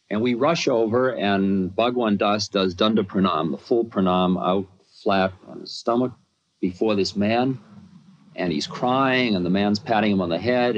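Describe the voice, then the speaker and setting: A man telling a personal story in a conversational, self-mocking way, with many asides. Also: fairly low pitch. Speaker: spiritual teacher. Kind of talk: storytelling talk. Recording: dull lo-fi archive recording.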